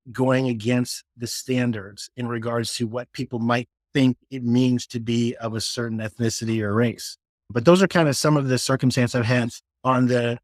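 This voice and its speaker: A middle-aged man from Florida, a guest on an interview, telling personal stories in a casual, animated way and acting out the dialogue. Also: mid-range voice, no room sound, clean studio sound. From Florida, USA. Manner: animated storyteller who acts out quoted dialogue, frequent restarts.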